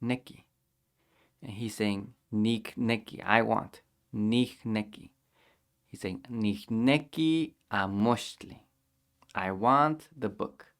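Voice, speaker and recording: A man teaching a language lesson, patiently repeating each phrase slowly and clearly for learners to copy. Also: lowish voice, fairly bright tone.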